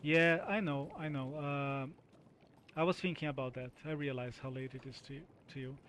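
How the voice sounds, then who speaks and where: A man's voice: mid-range voice, fairly even intonation, normal speed, a bit bright, a little hiss or hum. A man streaming a game live, chatting to viewers in a rambling, self-mocking way that often repeats itself. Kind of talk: live gameplay commentary talking to chat.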